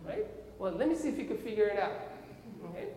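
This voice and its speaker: A man from Korea with a Korean accent, preaching a sermon as an animated storyteller who keeps checking in with his listeners. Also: high-pitched, fast talker, a little hiss or hum. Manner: animated storyteller, often checks in with "okay?" and "right?". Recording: echoey hall with long reverb.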